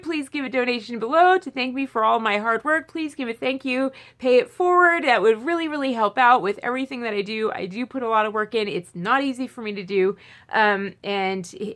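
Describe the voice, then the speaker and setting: Rambling, high-voiced woman vlogger. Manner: rambling, full of fillers and restarts; bursts into high excited squeals. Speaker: movie vlogger. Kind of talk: casual chat to camera.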